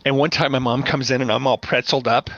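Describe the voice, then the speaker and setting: A man who runs tabletop games, chatting on a podcast as an animated storyteller. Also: medium pitch, fast talker, dry recording. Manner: animated storyteller, playful voice imitations. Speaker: podcast guest, game master. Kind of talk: casual podcast chat. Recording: dull lo-fi audio.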